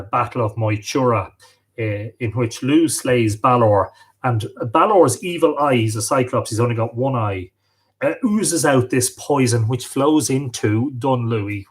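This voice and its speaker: Husky man reading myth lore aloud. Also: medium pitch. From Ireland. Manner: reads passages aloud, breaks off for asides and rummaging for books. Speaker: host. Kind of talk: live-stream talk, reading aloud from books.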